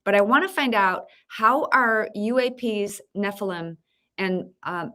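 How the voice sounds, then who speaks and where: A woman's voice: medium pitch, lively intonation, unhurried, bright, forceful tone. Chatty woman hosting an interview. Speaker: host. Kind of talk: casual interview.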